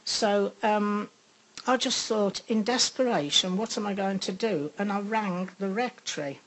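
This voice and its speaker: An older woman giving a personal faith testimony, reflective and pausing often with ums. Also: mid-range voice, rough recording. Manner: unhurried, reflective, with frequent pauses and ums. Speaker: speaker sharing a faith testimony.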